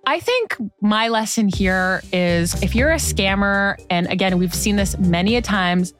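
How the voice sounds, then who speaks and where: A woman's voice: medium pitch, a little slow, music in the background. A woman co-hosting a podcast in casual chat, talking loosely with lots of "like". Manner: chatty, heavy use of "like". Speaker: podcast co-host.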